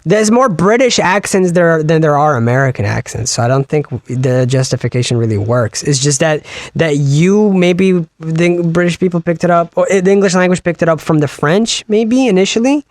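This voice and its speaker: Man podcast co-host, high voice, casual chat, dry close mic. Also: no echo. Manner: explains at length, slows to spell out sounds.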